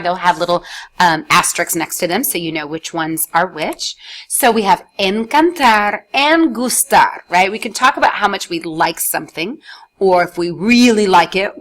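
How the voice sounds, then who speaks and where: A woman's voice: mid-range voice, fairly bright tone. A woman teaching Spanish vocabulary and grammar in a recorded slide lesson, explaining step by step and checking in with "all right" and "okay".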